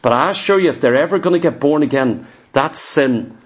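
A man preaching a sermon in an animated, emphatic way, often firing questions at his listeners. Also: fairly high pitch, fairly quick.

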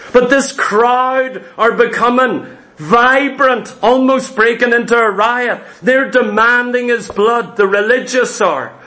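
A man's voice: high voice, fairly bright tone. A male preacher delivering a sermon, telling a Bible story dramatically and acting out what the characters say.

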